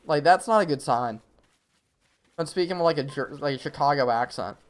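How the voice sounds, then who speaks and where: Animated man streaming a game. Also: fairly high pitch. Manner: talks to himself and the game, quick reactions. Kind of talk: live gameplay commentary.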